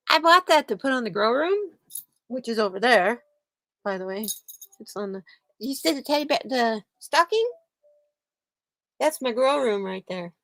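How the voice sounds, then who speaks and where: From a home room with a heater, a woman hosts a casual chat stream for her channel, rambling and laughing often. Her voice is a little high with a fairly bright tone, and the recording is dry.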